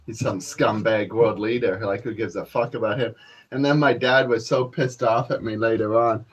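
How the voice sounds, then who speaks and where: A man's voice: on the low side, steady tone, normal speed, slightly rough. A young man playing a comedy character, delivering a crude, rambling rant to the camera with profane, mumbled asides.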